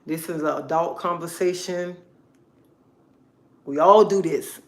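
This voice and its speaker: A woman's voice: deep voice, a little slow. A woman talking casually to her viewers on a live stream, chatty and emphatic, repeating herself often. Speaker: livestream host.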